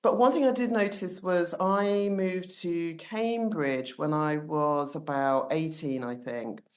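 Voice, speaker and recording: A middle-aged English woman with a low voice and a mixed, London-leaning accent chats reflectively on a podcast. She speaks as a coach and consultant, thoughtful and easygoing, and laughs easily. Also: takes it slowly. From England. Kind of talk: casual podcast conversation.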